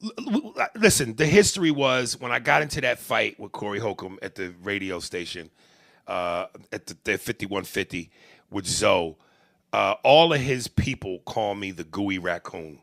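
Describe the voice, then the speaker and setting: A man who works as a comedian, co-hosting a podcast and telling profane, animated, joking stories in a casual rant. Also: fairly low pitch, moderate pace, vocal fry, dry recording, clean studio sound.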